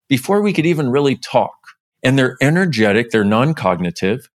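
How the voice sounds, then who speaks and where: Animated man talking in a dry, close recording. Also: dry recording. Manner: animated, swings his pitch up for emphasis. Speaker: podcast guest. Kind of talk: casual interview talk.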